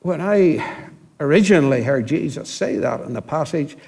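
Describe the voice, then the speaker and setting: A man with a slightly raised pitch delivers a sermon as a minister. He speaks reflectively, slowing down to stress scripture and often sinking to a hushed voice for emphasis. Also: lively intonation, creaky.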